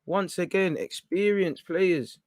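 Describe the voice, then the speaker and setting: A young man giving live, excitable reaction commentary on a football match as host of a fan watchalong. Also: high-pitched, takes it slowly, no echo, studio quality. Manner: excitable, urgent, coaching the players.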